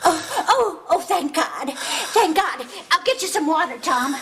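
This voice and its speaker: A fussy, high-voiced soap-opera mom. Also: female voice, big pitch swings, unhurried, a bit bright, heavily acted. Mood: flustered. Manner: fretful, scolding and pleading by turns. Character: fussy, flustered middle-aged mother. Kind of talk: 1970s TV soap acting.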